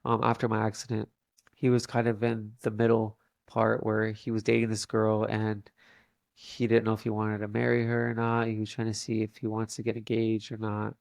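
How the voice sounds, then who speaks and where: A young man, a podcast guest, telling a long story in a halting way with many fillers and restarts. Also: lowish voice, monotone, vocal fry, a little mellow, dry recording. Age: young adult. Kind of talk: casual storytelling interview.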